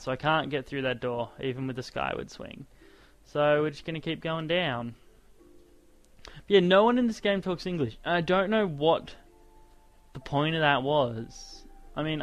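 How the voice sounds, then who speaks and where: A man's voice: fairly high pitch, a bit bright. A man giving casual, sarcastic let's-play commentary as he plays, ranting and exclaiming at the game. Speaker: gaming commentator and podcaster.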